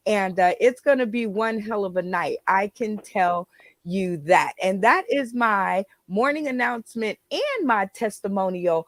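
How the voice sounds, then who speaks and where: A woman's voice: medium pitch, lively intonation, measured pace, dry recording. A woman hosting an online comedy show, making playful, upbeat announcements. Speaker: host. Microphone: video call.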